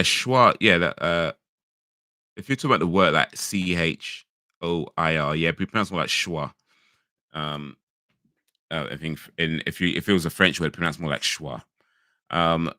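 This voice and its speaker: A man from England chats loosely to his stream viewers, circling back on himself and laughing at his own asides. His voice sits very low yet comes across bright and forceful. The sound is dry and close, with no room around it. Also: no echo. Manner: rambling, frequent restarts and fillers, laughs easily. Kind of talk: casual live-stream chat.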